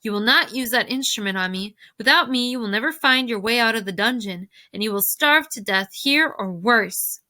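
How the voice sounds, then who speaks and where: A woman's voice: fairly high pitch, lively intonation, moderate pace, hardly any pauses, sharp tone, no echo. Woman reading as a pompous male rat, commanding, scheming, storybook. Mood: haughty.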